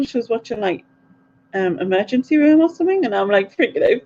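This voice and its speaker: A woman's voice: fairly high pitch, expressive, a little fast, darkish tone. Giggly chatty woman, lo-fi. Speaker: live stream host. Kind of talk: casual live Q&A chat.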